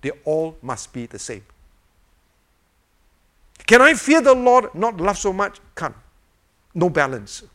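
An older man preaches in a relaxed, conversational way, with a fairly high voice for a man. He keeps asking his listeners rhetorical questions and chuckles now and then. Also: slow pace, pauses often. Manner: animated, repetitive rhetorical questions, chuckles often. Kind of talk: informal sermon with a fidget toy demonstration.

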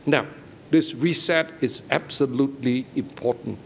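A man's voice: mid-range voice, measured pace, creaky, slight background noise. A middle-aged man preaching a sermon, emphatic and often checking that listeners follow him.

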